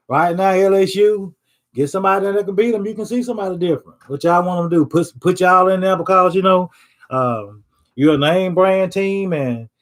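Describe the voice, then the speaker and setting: A man giving a casual sports monologue, rambling with many fillers and loose Southern phrasing. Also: on the high side. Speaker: sports commentator.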